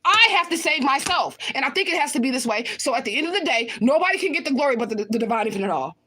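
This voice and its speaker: A woman's voice: sits high, animated, fast, bright, forceful tone, slightly rough. A woman livestreaming and answering viewer comments in a blunt, confrontational way, swearing often and repeating her points for emphasis. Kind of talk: casual livestream talk.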